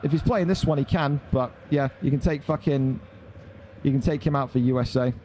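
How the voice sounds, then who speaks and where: A man's voice: medium pitch, a little fast, a little mellow, slight background noise. An irritated young man, swearing and scolding his chat during an esports tournament stream. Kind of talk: angry ranting at chat on stream.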